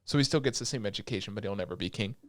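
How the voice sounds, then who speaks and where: A young man co-hosting a podcast, recapping anime in a rambling, excitable way with lots of filler words and swearing. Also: fairly low pitch, racing, no echo, studio quality. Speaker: podcast co-host. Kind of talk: casual chat recapping anime episodes.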